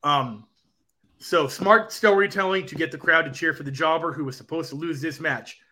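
A man with a bright, slightly high voice who works through his thoughts out loud, rambling a little but staying analytical. He sounds like a fan breaking down a match for a friend. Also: normal speed. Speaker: podcast co-host. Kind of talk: casual wrestling analysis.

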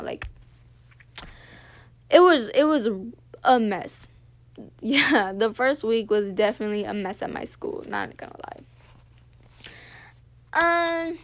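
Teen girl podcast host, slightly high voice, casual rant style, swears freely. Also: takes it slowly, long pauses. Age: teens. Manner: animated, heavy use of "like", swears freely.

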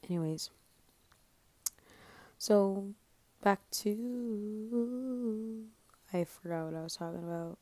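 A young woman hosts her own podcast solo, rambling in a scatterbrained, self-mocking way, sounding sleepy and swearing casually. Her mid-range voice is mellow and slow, with long pauses.

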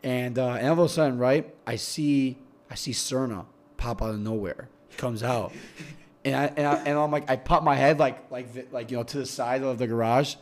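Young male podcast guest, casual and profane, rambling storyteller, average pitch. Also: normal speed. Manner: profane, rambling, repeats words when excited.

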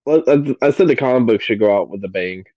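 A man's voice: medium pitch, expressive, fast, warm tone, no echo, dull audio. A man guesting on a podcast, talking eagerly and loosely about his favorite film and TV moments, full of "um" and "like.". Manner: enthusiastic, rambling with many fillers. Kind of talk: casual podcast chat.

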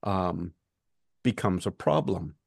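A man's voice: low-pitched, expressive, slow, creaky, husky, no echo, studio quality. A man co-hosting a casual podcast chat, telling frank stories and acting out other people's lines, with swearing. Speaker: podcast co-host, lawyer.

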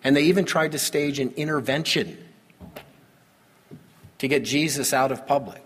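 A man preaching a sermon, pastor at the pulpit, animated with sudden loud emphasis. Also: medium pitch, moderate pace, big-room sound.

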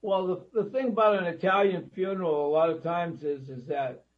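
Man, radio co-host, wry banter, high voice, muffled lo-fi sound. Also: normal speed. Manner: wry, storytelling, acts out grandma lines. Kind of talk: casual radio talk show. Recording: dull lo-fi sound.

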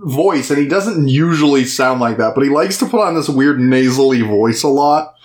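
A young man co-hosting a podcast, chatting casually about a film and adding quick remarks. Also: medium pitch, lively intonation. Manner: quick interjections, chatty and swearing. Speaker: podcast co-host. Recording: roomy echo.

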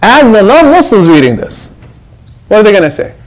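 A man's voice: high voice, a little fast, low-quality recording. A man, an imam, giving a conversational Quran reflection to his congregation and acting out what others say. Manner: animated, conversational, acts out quotes.

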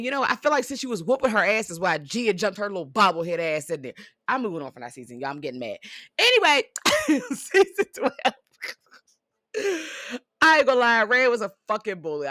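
A vlogger giving blunt, profane opinions in casual commentary, swinging between loud outbursts and muttered asides. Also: mid-range voice, no room sound, studio quality.

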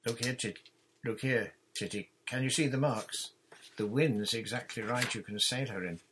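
A man's voice: medium pitch, normal speed, a bit bright, slight background noise, pitched above the performer's own voice, close to an everyday voice. A man doing a commanding boy captain. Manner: earnest, giving orders.

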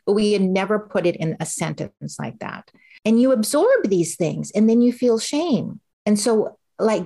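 A middle-aged woman telling her story as an interview guest in a candid, conversational way, acting out the voices she quotes. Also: mid-range voice. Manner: animated, acts out quoted voices.

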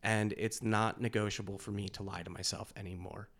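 A man with a fairly low voice talks as a guest on a podcast in a candid, unfiltered way. He is blunt and swears freely, and he laughs often between his points. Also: flat delivery, brisk, fairly bright tone.

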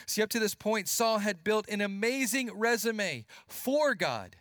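Male preacher, high voice, earnest, repeats words, sinks low for stress; dry close sound. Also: animated, a little slow, a bit bright, no room sound. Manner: earnest, repeats words while building points, drops voice for emphasis. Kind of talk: sermon.

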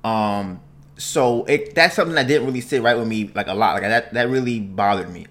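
A man hosting a podcast, telling a story in a casual, animated way and tagging phrases with "right?". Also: fairly low pitch, a little fast. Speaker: podcast host.

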